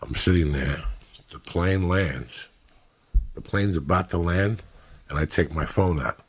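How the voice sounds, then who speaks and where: A middle-aged man with a New York accent, telling a loud, profane story as a comedian. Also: low-pitched, unhurried, husky. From New York City.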